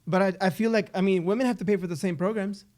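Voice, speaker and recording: High-voiced joking podcast co-host man. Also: quick pace. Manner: joking, excitable, playful sarcasm. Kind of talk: casual chat.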